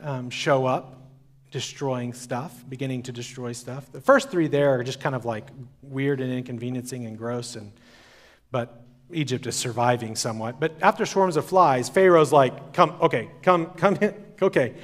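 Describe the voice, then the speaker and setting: A man's voice: mid-range voice, moderate pace. A man giving a sermon at a conference, retelling the story in a casual, conversational way. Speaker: conference speaker. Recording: long hall reverb.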